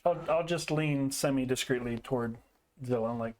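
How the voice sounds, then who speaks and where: A man's voice: medium pitch, moderate pace. A man speaking as a player in a tabletop game, casual and a little hesitant, often repeating his first words.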